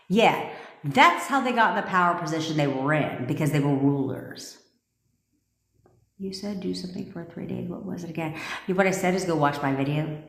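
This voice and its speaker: A woman coaching on a livestream, talking bluntly and swearing freely as she gives commands. Her voice sits a little low. The room is echoey, with a long reverb tail behind her words. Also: animated, moderate pace, gravelly, fairly bright tone. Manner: blunt, profane and commanding, with rising intensity. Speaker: manifestation coach. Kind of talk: livestream talk to viewers.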